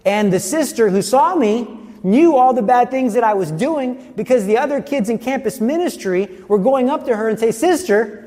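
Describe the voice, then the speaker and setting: A man's voice: very high voice, expressive, normal speed, mellow, big-room sound. A man giving an earnest personal faith testimony, telling his story vividly.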